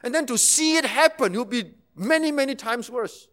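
A man delivers a sermon in a strikingly high voice. He explains calmly, then builds to fervent, emphatic passages before sinking back to soft, hushed tones. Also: normal speed. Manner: impassioned, rising to emphatic intensity then dropping to near-hushed tones. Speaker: preacher.

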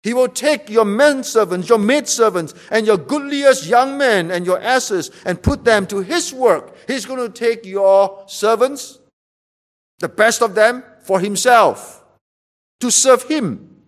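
High-pitched man preaching emphatically. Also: slow. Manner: emphatic, repeats rhetorical questions. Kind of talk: sermon.

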